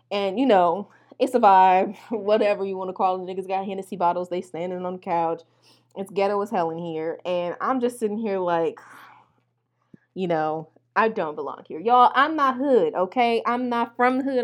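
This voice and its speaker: A young adult woman from Milwaukee telling a profane, animated story straight to her listeners. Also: mid-range voice. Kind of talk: casual storytelling to camera.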